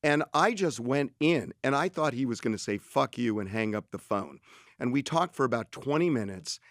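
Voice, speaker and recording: A man's voice: mid-range voice, normal speed, no echo, studio quality. A middle-aged man co-hosting a podcast, telling an anecdote in a casual conversational way and quoting what others said to him. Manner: animated anecdote, quotes others in his own voice. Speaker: podcast co-host telling a story.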